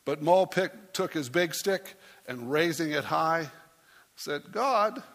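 A man's voice: fairly high pitch, slow, big-room sound. A man preaching as a pastor, reading a rhyming story aloud in a playful way and putting on voices for the characters.

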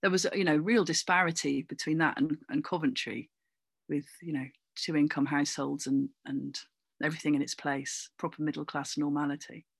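A woman from Cornwall, an actor and comedian, chatting as an interview guest with animated, anecdotal storytelling. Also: low voice, moderate pace, gravelly, slightly rough, no echo, clean studio sound. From Cornwall, England. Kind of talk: casual interview chat.

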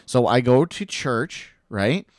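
A swearing, animated male storyteller. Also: medium pitch, takes it slowly, no room sound, studio quality. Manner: animated, swearing, acts out quoted voices. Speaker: podcast guest telling a story. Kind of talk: casual storytelling chat.

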